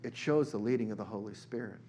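A man's voice: fairly low pitch, fast talker, warm tone, slight background noise. A middle-aged man preaching a sermon, moving between conversational storytelling and emphatic bursts.

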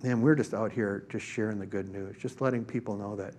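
A man's voice: on the low side, fairly even intonation, a little fast, darkish tone, a little hiss or hum. A man preaching a sermon, telling a personal story in a conversational way with many fillers and restarts. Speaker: pastor.

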